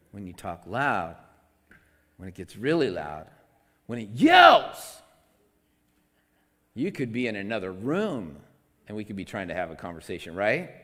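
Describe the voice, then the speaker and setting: A man delivers a sermon through a microphone in a conversational, confessional way, stumbling over restarts and swinging from loud emphasis to soft near-whispers. His voice sits at an ordinary middle pitch for a man. The sound rings with the long reverb of a large hall. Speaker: pastor. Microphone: amplified microphone.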